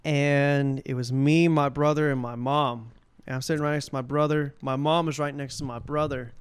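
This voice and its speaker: A young man in his twenties, a podcast guest and comic, telling casual stories into a podcast mic, animated and laughing, acting out scenes. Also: mid-range voice, moderate pace, clear, resonant tone. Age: 20s. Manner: animated, laughing storyteller who acts out scenes. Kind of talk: casual storytelling. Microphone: podcast microphone.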